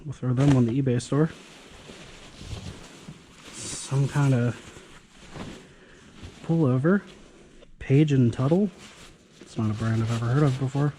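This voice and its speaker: Male reseller, mid pitch, warm low-key tone, casual sardonic running commentary while he has hiccups. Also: a little slow, long pauses, a little hiss or hum. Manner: offhand, dryly sarcastic remarks. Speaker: storage locker reseller.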